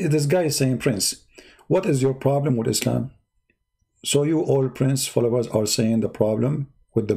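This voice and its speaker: A man hosting a live-stream debate, talking in a sarcastic, mocking, drawn-out way. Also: mid-range voice, mellow, slightly rough.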